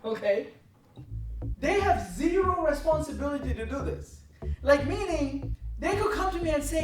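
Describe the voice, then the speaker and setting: A high-pitched woman delivers a fierce, profane talk to her traders and keeps demanding that they answer her. She is picked up from a distance in an echoing meeting room. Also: expressive, normal speed, soft background music. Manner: intense, blunt, profane, presses for answers. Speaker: trading desk head. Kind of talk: confrontational mentoring talk. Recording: roomy, from a distance.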